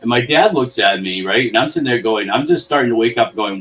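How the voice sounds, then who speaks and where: A man hosting a podcast, telling a story in a relaxed way, often checking in with "right?". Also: medium pitch, quick pace. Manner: relaxed, swears, says "right?" a lot. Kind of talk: casual storytelling chat. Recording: distant mic with faint noise.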